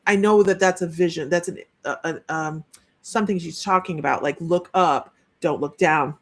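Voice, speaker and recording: A woman's voice: fairly low pitch, moderate pace. A woman working as a psychic medium, giving a chatty live-streamed reading and relaying messages with frequent restarts.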